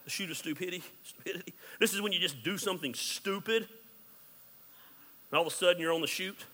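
High, bright-voiced man preaching in a hall. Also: a little fast. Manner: candid, joking, swings between loud and hushed. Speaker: pastor. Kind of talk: sermon.

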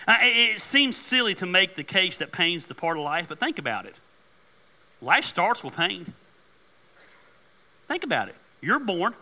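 A middle-aged male pastor preaching a sermon, an animated, joking storyteller who turns earnest. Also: sits high, a little slow, pauses often.

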